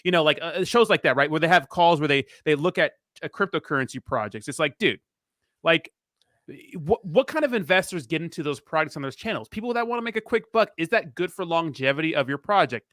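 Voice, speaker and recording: A man's voice: a little high, lively intonation, brisk, a bit bright, dry recording, clean studio sound. A man in casual podcast chat, brash and emphatic, swearing freely.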